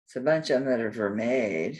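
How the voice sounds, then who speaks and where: A woman's voice: a bass voice, lively intonation, brisk, a little mellow. An older woman selling jewelry on a live stream, rambling and talking to herself as she looks items up, with some mild cursing. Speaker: jewelry seller. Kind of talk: live sale, chatty self-talk while looking up items.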